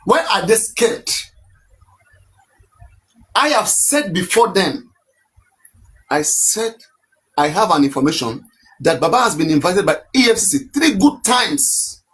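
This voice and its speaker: A man's voice: high-pitched, sing-song, a little slow, a bit bright. A Nigerian-accented man runs a live stream, his voice sitting a little above the usual male register. He talks things through at length, circling back and repeating his point with insistence. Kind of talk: casual live-stream talk.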